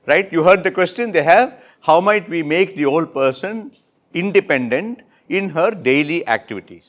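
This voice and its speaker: A man with an Indian English accent running an interactive classroom workshop, repeating and rephrasing students' answers with brisk praise. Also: fairly high pitch, expressive, fairly bright tone. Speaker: workshop instructor.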